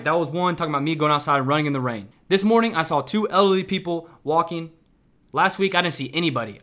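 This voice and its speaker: A man's voice: fairly high pitch, bright, forceful tone. A young man from Kansas City hosting a motivational solo podcast, talking emphatically and repeating himself, often adding "right?". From Kansas City, Missouri. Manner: emphatic and repetitive, with frequent "right?". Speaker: podcast host.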